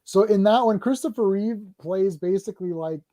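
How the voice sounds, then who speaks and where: A man's voice: high-pitched, moderate pace, no room sound, clean studio sound. A man hosting a livestream, chatting casually about movies, rambling with lots of fillers and acting out scenes in a raised voice. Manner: rambling, animated, acts out movie lines in a raised voice. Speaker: stream host.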